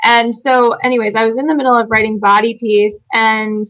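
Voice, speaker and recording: A woman guest telling a personal story in a conversational interview, animated, laughing often and acting out quoted lines. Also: on the high side, normal speed, lo-fi sound. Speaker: guest author.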